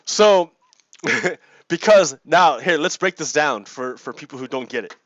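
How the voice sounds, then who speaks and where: A man's voice: fairly high pitch, lively intonation, a little slow, a bit bright, dry recording. A man hosting a gaming video, reading out and explaining politics in a casual, chuckling way, often repeating himself. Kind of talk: casual commentary while playing a game. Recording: dry, dull lo-fi mic.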